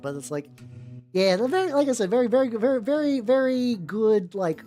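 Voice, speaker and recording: Casual streamer, rambling and stammering, swears a lot, lively swinging pitch, faint music behind. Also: brisk. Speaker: streamer painting miniatures. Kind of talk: casual chat while painting.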